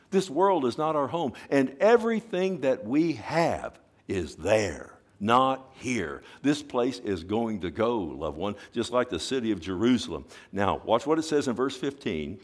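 A man's voice: mid-range voice, lively intonation, unhurried, hardly any pauses. A pastor preaching a sermon, a man who talks emphatically, asks rhetorical questions and keeps checking in with "amen".

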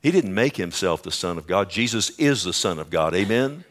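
Male preacher, lowish voice, dramatic sermon delivery that swings loud and hushed. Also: animated. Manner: dramatic, swings between loud emphasis and hushed slow lines; asks the congregation for responses.

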